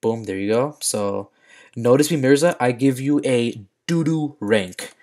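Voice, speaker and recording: A young man talking casually to his livestream viewers. He speaks in loose slang and swings into excited shouts while he plays. His voice sits in an ordinary middle pitch. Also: unhurried. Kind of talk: casual gaming livestream chat.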